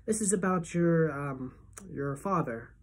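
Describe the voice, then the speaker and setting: A woman voicing a calm, formal middle-aged female principal, measured and reassuring, with a husky tone. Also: low-pitched, full character voice. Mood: grave.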